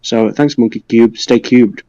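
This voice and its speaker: A young man co-hosting a podcast, thanking listeners with goofy, deadpan nonsense. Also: medium pitch, measured pace, no room sound, lo-fi sound. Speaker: podcast co-host. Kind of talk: casual chat, listener shout-outs.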